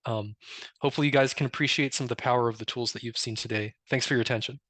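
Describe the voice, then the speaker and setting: A man presenting a live software demo, explaining step by step in a relaxed way with many fillers. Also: mid-range voice, very fast, no echo. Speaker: presenter demoing a tool.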